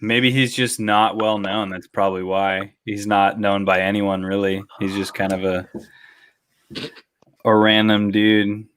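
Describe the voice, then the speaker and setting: A man chatting casually on a podcast, cracking deadpan jokes. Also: fairly low pitch, unhurried, clear, resonant tone, dry recording. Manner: wisecracking, deadpan. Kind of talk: casual chat.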